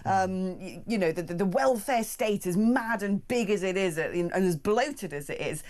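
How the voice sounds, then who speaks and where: A woman hosts a talk show from a broadcast studio, brash and animated. She riffs freely and jumps from point to point with quips. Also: medium pitch. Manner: brash, animated, quick to riff and joke.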